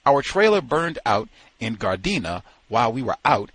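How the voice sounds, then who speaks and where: A man voicing a relaxed, polite seventy-year-old man with an American Southern accent, louder and higher than his reading voice. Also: normal speed, no echo. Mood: friendly.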